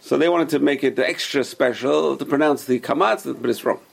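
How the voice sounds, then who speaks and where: A man's voice: mid-range voice, a little fast, gravelly. A man teaching a casual religious class who repeats his points and drills pronunciation with the students.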